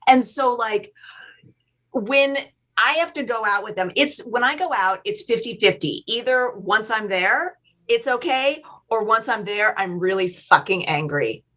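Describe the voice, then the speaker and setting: A woman's voice: a little high, expressive, measured pace, a bit bright, rough recording. A woman guest in a casual podcast conversation, talking candidly and swearing freely about herself.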